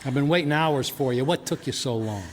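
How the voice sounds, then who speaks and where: A man's voice: medium pitch, a little fast, slight background noise, close to an everyday voice. An actor playing a father and shop owner who talks in a dry, mock-tough, old-movie way. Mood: wry. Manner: mock film-noir tough talk, dry. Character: grown man, hardboiled shop owner and father. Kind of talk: radio sitcom acting.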